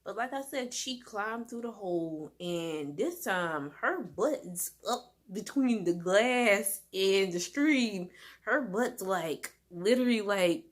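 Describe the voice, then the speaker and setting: A woman's voice: mid-range voice, takes it slowly. Chatty woman rambling through a story. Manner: rambling, animated, many fillers and restarts. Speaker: vlogger. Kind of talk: casual storytime monologue.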